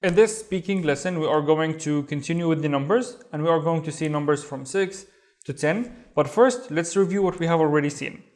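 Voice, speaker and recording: A man's voice: on the high side, brisk, a little mellow. A man teaching reading, patiently sounding out and repeating each syllable. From Saudi Arabia. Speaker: Arabic teacher. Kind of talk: step-by-step reading lesson.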